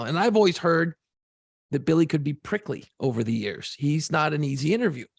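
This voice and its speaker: A man's voice: a little high, expressive, brisk, vocal fry, no echo, clean studio sound. A man co-hosting a podcast in casual chat, telling stories animatedly and swearing freely. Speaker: podcast co-host.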